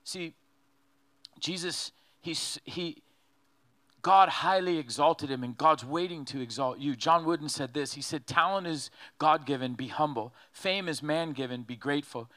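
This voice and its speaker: A man preaching a sermon in an animated, joking way, acting out quotes as he goes. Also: on the high side, unhurried. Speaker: pastor.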